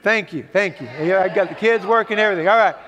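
A man's voice: high-pitched, fast talker, lo-fi sound, noisy background. A man preaching a sermon as pastor, emphatic and urging the congregation on, heard in a church sanctuary. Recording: long reverb of a large hall.

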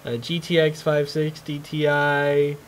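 Man vlogging at home, slow rambling talk, frustrated, slightly strained voice, noisy background hiss. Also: fairly high pitch, monotone. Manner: frustrated, rambling, many fillers. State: losing his voice. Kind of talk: casual rambling vlog. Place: home room with his cat.

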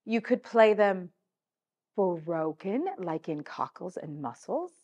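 A woman's voice: fairly low pitch, lively intonation, darkish tone, dull audio. A woman teaching a children's music lesson, upbeat and coaxing, leading call-and-response. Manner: upbeat, coaxing, slow and clearly articulated.

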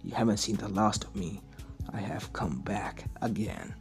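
Brief: vengeful undead male villain for a fan story, hushed and threatening, put on by a man. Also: fairly low pitch, moderate pace, gravelly, faint music behind. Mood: menacing.

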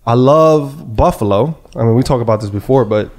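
A man hosting a casual podcast chat, telling a story in an animated way and acting out the people he quotes. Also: mid-range voice, brisk. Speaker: podcast host.

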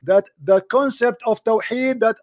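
A man's voice: very high-pitched, unhurried, a little mellow, dry recording, studio quality. A man hosting a heated live debate, insistent and repeating his questions while talking over his opponent. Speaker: debate host.

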